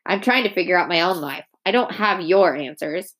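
A woman reading aloud voices a gruff, reclusive older woman who speaks bluntly and dryly. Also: lowish voice, animated, moderate pace, a bit bright.

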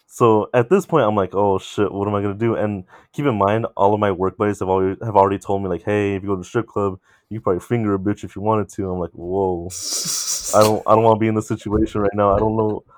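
A young man casually telling a long, animated story among friends, swearing freely. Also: on the low side, quick pace, no room sound, studio quality.

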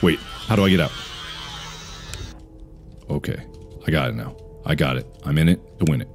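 A man's voice: a bass voice, animated, moderate pace, creaky, music in the background. A man hosting a horror game let's play, talking to himself, jumpy and reacting with frantic repeats and swearing. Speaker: gaming channel host.

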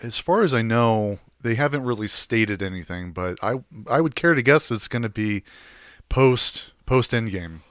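A man co-hosting a podcast in relaxed, casual conversation. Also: mid-range voice, normal speed, dry recording, studio quality. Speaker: podcast co-host. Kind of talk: casual chat.

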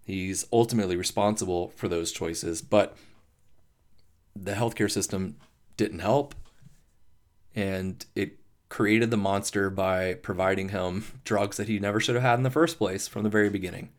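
A man hosting a podcast, talking through grief in a halting, emotional monologue, swearing and restarting often. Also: lowish voice, fairly even intonation. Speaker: podcast host. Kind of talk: personal reflective monologue.

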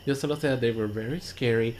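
A man's voice: mid-range voice, fast talker, a little mellow. A man co-hosting a casual podcast, recapping plots at length and mixing English and Spanish freely. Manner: code-switches English and Spanish, rambling plot recaps. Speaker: podcast co-host. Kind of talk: casual chat. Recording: faint background noise.

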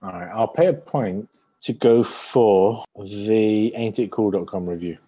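Husky low-voiced male co-host. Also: a little slow, dark tone. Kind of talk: comedic casual chat.

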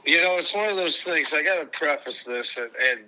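A man's voice: a little high, expressive, brisk, sharp tone, poor audio. A middle-aged American man and veteran, ranting angrily with heavy swearing and a repeated "right?" as a podcast guest. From United States. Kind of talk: profane angry rant.

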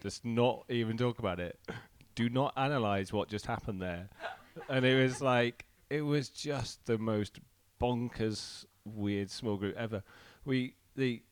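A man talks casually about leading a church group, relaxed and a little hesitant. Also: mid-range voice, measured pace, few pauses, clean tone. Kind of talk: casual talk.

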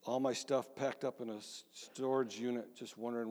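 A man's voice: medium pitch, steady tone, moderate pace, a little mellow. Pastor telling his story in a reverberant hall. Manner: conversational, self-deprecating storytelling with restarts. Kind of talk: sermon testimony.

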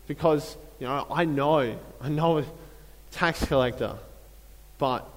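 A man preaching a sermon in a relaxed, conversational way, with many fillers and repeated phrases. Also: fairly high pitch, takes it slowly, long pauses, big-room sound, rough recording. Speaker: pastor.

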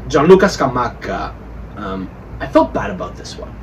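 A man's voice: mid-range voice, big pitch swings, moderate pace, gravelly. A man hosting a podcast, drunk, rambling and swearing as he riffs in casual chat. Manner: rambling, profane, riffing. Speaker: podcast host. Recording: distant mic with faint background noise.

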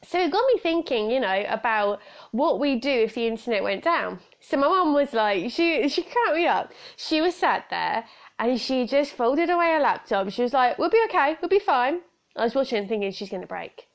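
A British woman in her thirties hosts a solo podcast in a slightly high, expressive voice at normal speed. She's chatty and rambling, often breaking into laughter, and the lo-fi sound is slightly dull.

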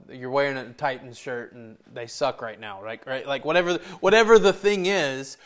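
A man's voice: mid-range voice, fairly bright tone. A middle-aged man preaching a sermon in a loose, conversational way with rambling asides. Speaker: pastor.

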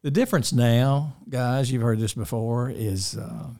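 With a gravelly mid-range voice at a measured pace, the older school dean talks casually in an interview. His manner is rambling and warm-hearted, full of restarts and affectionate chuckles.

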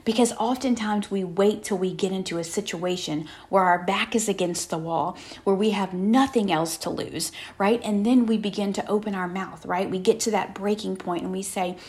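A woman in the middle of a sermon, speaking in an earnest, conversational way. Her pitch sits at an ordinary middle level for a woman. She keeps checking in with her listeners, tossing out "right?" as she goes. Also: normal speed, few pauses, darkish tone. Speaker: preacher.

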